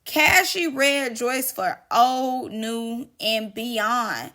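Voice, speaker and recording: A woman's voice: on the high side, very animated, a little slow, creaky, hardly any pauses, bright, forceful tone. A woman hosting casual gossip commentary, chatty and emphatic, drawing out her exclamations. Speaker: drama commentary host.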